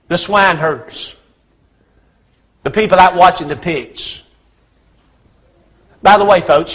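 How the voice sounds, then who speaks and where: A man's voice: high voice, a bit bright, husky. A man preaching a sermon, telling a Bible story with humor and acted-out voices.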